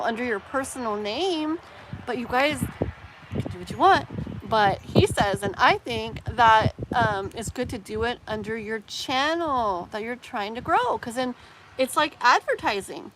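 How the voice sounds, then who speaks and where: A woman in her thirties reading tarot on a live stream, chatting to viewers in a rambling, animated way. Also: fairly high pitch, slight background noise, low-quality recording. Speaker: tarot reader.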